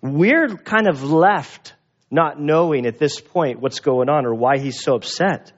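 A man preaching a conversational sermon, telling a story and acting out the voices in it. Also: a little slow. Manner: animated storyteller, acts out dialogue with a raised pitch. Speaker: pastor and police chaplain. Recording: dull lo-fi recording.

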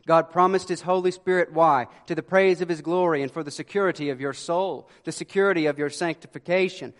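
A man preaching a sermon in an earnest way, dropping to a hush for emphasis. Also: on the high side, a little fast, few pauses. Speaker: pastor. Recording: long hall reverb.

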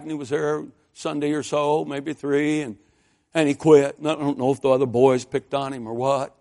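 A man preaching a sermon, telling folksy stories in a conversational way and building to loud, fervent exhortation. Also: a little high, level tone, normal speed, creaky.

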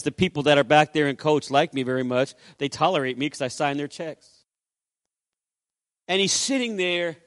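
A man's voice: sits high, fairly bright tone, dry recording, clean studio sound. A male pastor preaching a sermon, telling a story and acting out the dialogue in changing voices. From Puerto Rico. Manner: acts out dialogue with shifting voices.

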